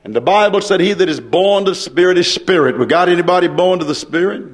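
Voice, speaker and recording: A man preaching a fervent sermon, hollering and getting excited, mimicking hecklers and answering them. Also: high voice, quick pace.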